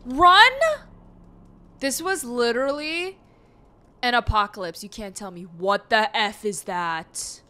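A woman's voice: medium pitch, unhurried, fairly bright tone. A young woman hosting a gaming channel, reacting to the game as she plays, easily startled, talking to the game and her chat with gasps and exclamations. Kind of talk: casual let's-play commentary.

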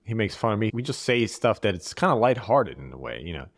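Low-voiced man, reflective guest talk. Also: very animated, no echo. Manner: reflective, measured, with many restarts. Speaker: podcast guest. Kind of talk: casual conversation.

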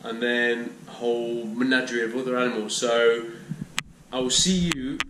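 A man with a mid-range voice talks at normal speed in a steady tone while vlogging at a tropical resort. He keeps things casual and wry, dropping chatty asides as he tastes food, with background ambience noise audible.

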